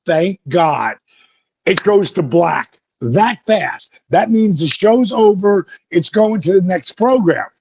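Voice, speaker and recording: A man with a fairly high, husky voice tells wild stories in an interview, swearing freely and jumping into the voices of the people he quotes. The sound is dry and close, with a dull, lo-fi edge. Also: animated, slow, darkish tone, no room sound. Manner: vivid, profane storytelling that acts out quoted voices. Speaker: guest, former pro wrestler. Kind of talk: animated storytelling interview. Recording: dull lo-fi recording.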